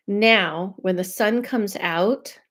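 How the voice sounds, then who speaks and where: A woman from Los Angeles, a medium and host of her own live stream, chatting loudly and casually with viewers and reading out their comments. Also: medium pitch, takes it slowly. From Los Angeles, USA. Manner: loud, chatty, trails off and restarts, laughs often.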